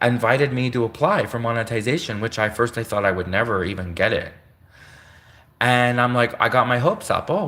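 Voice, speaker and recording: A man's voice: lowish voice, a bit bright. A young Canadian man hosting his own channel, ranting in an indignant, sarcastic monologue full of repetition. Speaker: channel host.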